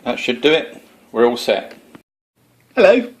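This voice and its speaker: A man's voice: medium pitch, fairly even intonation, a little slow, a little hiss or hum. Chatty Essex man vlogging. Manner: chatty, rambling, self-deprecating. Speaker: homebrew vlogger. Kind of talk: casual chat to camera.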